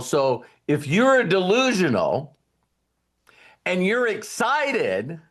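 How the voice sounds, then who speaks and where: Older man giving folksy motivational talk. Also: a little high. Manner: rambling, folksy, laughs often. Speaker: host. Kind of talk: motivational talk on a video call.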